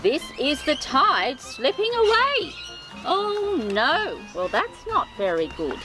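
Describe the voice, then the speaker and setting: A woman reading a children's storybook aloud as host, expressive and sing-song, with chatty asides of sympathy. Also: sits high, a little slow, rough recording. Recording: reading over background music. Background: music.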